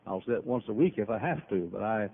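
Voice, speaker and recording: A man's voice: lowish voice, animated, fast talker, gravelly. A male pastor preaching a sermon in a church auditorium, folksy and emphatic, with frequent coughs. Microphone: PA microphone. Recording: tinny phone-like lo-fi audio.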